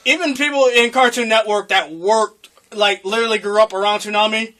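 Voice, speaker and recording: Loud, bright-voiced young guy ranting. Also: high-pitched, fairly quick. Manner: rambling, swears a lot, bursts into loud excited rants. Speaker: podcast co-host. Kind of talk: casual profane chat.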